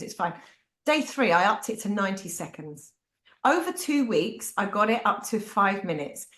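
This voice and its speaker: A middle-aged woman speaks in a medium pitch and tells family stories with animation, slipping into the voices of her children and herself. The sound is echoey, with the room ringing around her words. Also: normal speed. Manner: animated, acts out family dialogue. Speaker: parent speaking at a talk. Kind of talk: personal storytelling in a panel talk.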